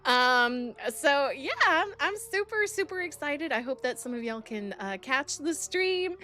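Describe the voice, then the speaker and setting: A young woman streamer chatting casually with her viewers, bubbly and excitable, openly nervous and thrilled. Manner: bubbly, excitable, swings high on greetings. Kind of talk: casual live-stream chat, greeting chat.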